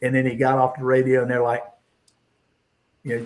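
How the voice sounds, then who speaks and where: A man's voice: medium pitch, completely flat delivery, normal speed, long pauses, slight background noise, low-quality recording. A man hosting a casual hangout and telling rambling police stories, laughing as he goes. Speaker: host. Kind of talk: casual storytelling, police anecdotes.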